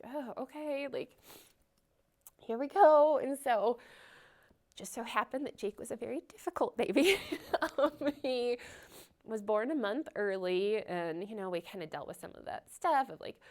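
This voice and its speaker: A woman telling a personal testimony at church, earnest and emotional, with a chatty flow full of "like" and "you know.". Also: on the high side. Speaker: church member sharing testimony. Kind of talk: personal testimony, conversational storytelling.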